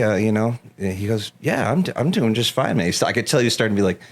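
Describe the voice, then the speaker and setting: Lowish-voiced guy in his thirties, laughs a lot, acts out the convo as he tells it. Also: a little fast, few pauses. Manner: animated, laughs often, acts out dialogue. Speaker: guest. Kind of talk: casual storytelling.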